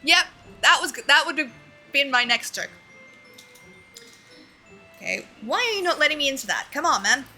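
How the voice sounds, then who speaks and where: Bright, chatty young woman streamer. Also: sits high, very animated, normal speed, long pauses. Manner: chatty, swearing, laughing often, talking to chat. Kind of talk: casual gaming livestream chat. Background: faint game music.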